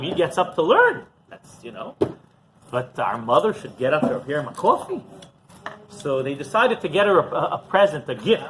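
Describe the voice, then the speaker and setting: Lively, bright-voiced rabbi telling stories. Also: male voice, a little high, slight background noise, low-quality recording. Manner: animated storyteller, asks the audience rhetorical questions. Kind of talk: Torah class storytelling.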